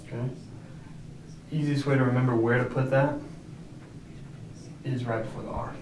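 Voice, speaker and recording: A man's voice: mid-range voice, fairly even intonation, normal speed. A man tutoring Spanish grammar, explaining patiently and checking in often with "okay?". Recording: echoey room, voice from a distance, background noise.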